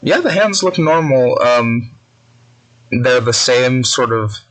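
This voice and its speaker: A man narrating a tabletop game as game master, building an eerie scene slowly and deliberately. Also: medium pitch, lively intonation, poor audio. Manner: slow, deliberate, atmospheric narration.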